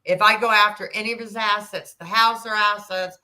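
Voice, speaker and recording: A woman in her sixties, a podcast guest, telling a personal story in an animated way and acting out the dialogue. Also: medium pitch, brisk. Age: 60s. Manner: animated, acts out quoted dialogue, rambling restarts.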